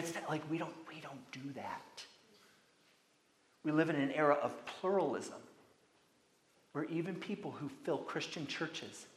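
A man preaching a sermon as pastor, emphatic, dropping to hushed asides and rising to loud commands. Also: a little high, echoey room.

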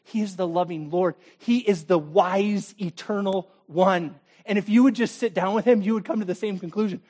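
A man's voice: high-pitched, normal speed, few pauses. Male pastor delivering a sermon; dramatic, challenging, moves between big emphasis and near-whispered intimacy. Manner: dramatic, swings from loud emphasis to hushed, intimate tones; direct, challenging address to the listener.

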